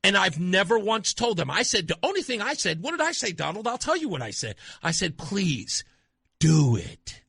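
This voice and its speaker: A male talk radio host delivering a mocking, animated opinion monologue. His voice runs high and swings widely in pitch, with a bright, sharp edge. The sound is dry and close, with no room around it. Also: a little fast, vocal fry, few pauses, breathy edge, no echo.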